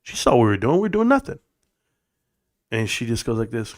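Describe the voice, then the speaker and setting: A middle-aged man hosting a casual livestream, joking, laughing and swearing, then settling into a quieter tone to tell personal stories. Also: on the low side, sing-song, quick pace, pauses often. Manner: goofy, laughing, swearing, bursts of put-on voices. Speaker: livestream host.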